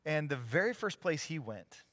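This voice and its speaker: Man, pastor, storytelling sermon, lively, acts out quotes, dry close mic. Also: on the high side, normal speed, no room sound. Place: church sanctuary, live.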